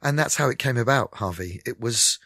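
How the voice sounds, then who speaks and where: A man's voice: medium pitch, fairly quick, husky, no echo, clean studio sound. A middle-aged man, a musician, telling candid stories in a radio interview and acting out the conversations. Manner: animated, candid storyteller who acts out conversations. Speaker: musician guest.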